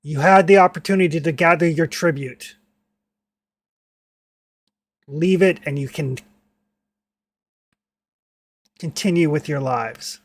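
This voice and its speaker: A man's voice: a little high, normal speed, dry recording, lightly acted. A man voicing a bellowing orc warrior. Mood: threatening. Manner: loud bellowing ultimatum. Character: bellowing orc warrior, male, hostile and blunt.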